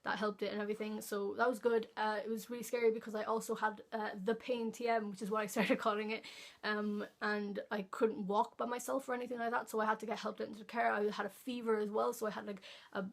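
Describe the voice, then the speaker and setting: A woman's voice: mid-range voice, flat delivery, quick pace, gravelly. Rambling teen girl telling a story. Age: teens. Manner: rambling, many fillers and restarts. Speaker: vlogger. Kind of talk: casual storytime vlog.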